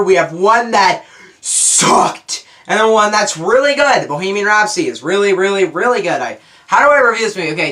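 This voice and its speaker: A man's voice: high voice, sharp tone. A young man giving a casual, unscripted movie review, rambling and correcting himself as he goes. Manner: rambling, self-correcting, enthusiastic.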